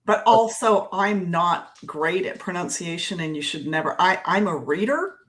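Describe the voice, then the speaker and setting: A woman's voice: on the low side, animated, normal speed, fairly bright tone. A woman co-hosting a podcast, chatting casually in a rambling, self-deprecating way. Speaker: podcast co-host.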